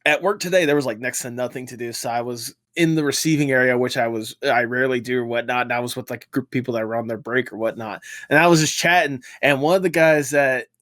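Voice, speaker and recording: A man's voice: medium pitch, fast talker, hardly any pauses, a bit bright, no echo, clean studio sound. A man co-hosting a podcast, telling a story in a rambling way full of fillers during a casual chat. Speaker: podcast co-host.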